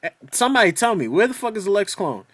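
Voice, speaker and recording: A man's voice: sits high, sing-song, fast, a bit bright, no echo, studio quality. A man ranting in a casual video review of a TV episode, exasperated and profane, rambling with many restarts.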